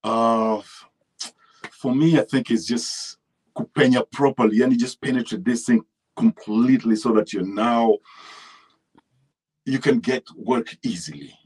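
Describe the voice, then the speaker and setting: A man's voice: mid-range voice, unhurried, pauses often, slightly rough, low-quality recording. A middle-aged man with a Kenyan accent, answering interview questions in a loose, rambling way with many restarts. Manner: rambling, restarts often, animated when telling stories. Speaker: actor and writer, interview guest. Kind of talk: relaxed conversational interview.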